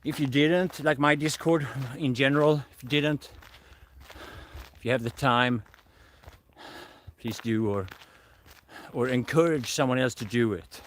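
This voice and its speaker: A man's voice: medium pitch, unhurried, long pauses, a little hiss or hum. A man live streaming from a forest, chatting with viewers in a rambling, self-correcting way, a little out of breath. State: slightly out of breath. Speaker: livestreamer. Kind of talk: casual live stream chat. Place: forest outdoors.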